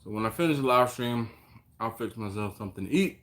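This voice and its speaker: A man hosting a casual live stream, greeting viewers by name and reading their comments, easygoing and quick to chuckle, recorded on a phone at home. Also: on the low side, animated, a bit bright. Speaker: host of a barbecue live stream. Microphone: phone on a mount.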